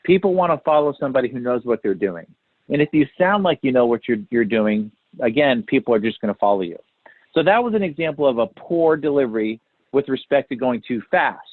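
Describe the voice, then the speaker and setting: A man's voice: mid-range voice, lively intonation, fairly quick, no room sound. A man coaching appointment setters through a call script, often checking in with his listeners. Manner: talks to trainees, checks in with "right?" and "okay?". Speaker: sales call trainer. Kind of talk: recorded training talk. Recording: tinny phone-like dry recording.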